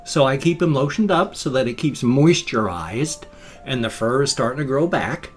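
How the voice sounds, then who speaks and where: A man in his fifties talking casually in a daily vlog, chatty and affectionate, sometimes cooing to a pet or jumping into high squeaky sounds. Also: normal speed, faint music behind. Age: 50s. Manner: animated, jumps into high squeaky sound effects. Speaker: vlogger.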